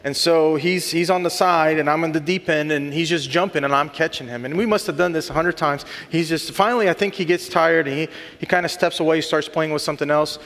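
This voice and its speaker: A man's voice: fairly high pitch, steady tone, brisk, hardly any pauses, fairly bright tone. A man in his thirties or forties preaching a sermon, earnest and building to emphatic lists. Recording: long hall reverb.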